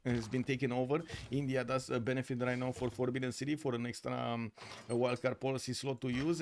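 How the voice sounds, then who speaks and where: A man from Romania with a Romanian accent, commentating a strategy game tournament live, excitable and full of filler sounds. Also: medium pitch, a little hiss or hum. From Romania, Bucharest. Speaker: tournament caster and streamer.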